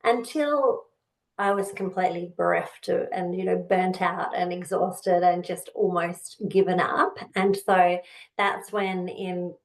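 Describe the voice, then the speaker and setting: An author and entrepreneur appears as a podcast guest, telling her own story in a heartfelt, rambling way and choking up at times. Her voice sits on the low side, creaky and steady in tone, and she speaks slowly. It's emotional personal storytelling.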